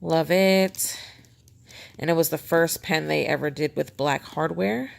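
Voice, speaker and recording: Low, gravelly woman chatting casually. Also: measured pace. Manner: chatty, rambling, self-mocking, talks to her cat in a baby voice. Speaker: planner vlogger. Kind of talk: casual show-and-tell chat.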